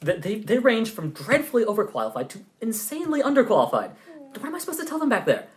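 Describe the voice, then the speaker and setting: A man voicing a stern, overworked female assistant who speaks in a hushed, flustered way. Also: high voice, wildly swooping pitch, quick pace, voice pushed up. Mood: frustrated.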